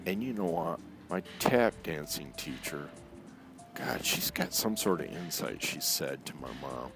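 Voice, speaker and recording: A man telling a personal story in a casual, animated way, acting out the voices of people he quotes. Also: extremely low pitch, measured pace, music in the background.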